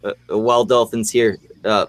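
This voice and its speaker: A man hosting a stream, speaking haltingly with many fillers. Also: lowish voice, steady tone. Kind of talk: casual chat.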